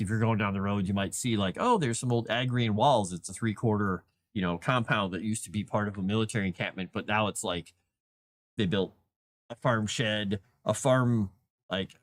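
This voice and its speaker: A man's voice: on the low side, dry recording. A man chatting casually on a livestream as he writes, thinking aloud with many fillers and restarts. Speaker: author livestreaming his writing. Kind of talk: casual livestream chat while writing.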